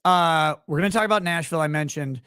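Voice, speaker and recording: A man's voice: on the high side, fast, sharp tone, clean tone, no room sound, clean studio sound. A man hosting a livestream with casual, sarcastic, rambling commentary, talking to his chat viewers by name. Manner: sarcastic, rambling, mocking impressions. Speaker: livestream host.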